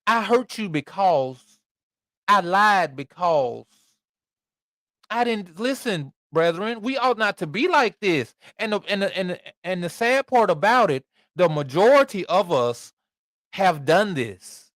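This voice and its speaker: A man hosting a podcast, reading scripture aloud and preaching in an animated, conversational way with asides to his listeners. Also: high voice, measured pace, dry recording, clean studio sound. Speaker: podcast host and Bible teacher.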